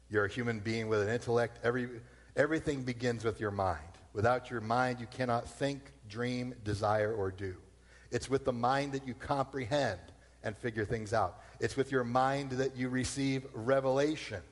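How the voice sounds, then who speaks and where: A man preaching a sermon in an animated, emphatic storytelling manner, heard with long hall reverb. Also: mid-range voice, moderate pace. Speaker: pastor.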